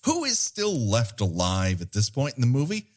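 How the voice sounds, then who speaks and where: A man hosting a podcast in casual chat, with a playful, showman-like delivery into a boom-arm microphone. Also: huge pitch swings, normal speed. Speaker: podcast host.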